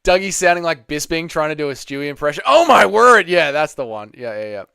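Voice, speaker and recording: A young man hosts a casual live stream and chats loosely with his viewers. His voice is clear and smooth, with a lively, swinging pitch. The sound is dry and close to the microphone. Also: fast, no echo. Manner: chatty, reads chat aloud, banters with viewers.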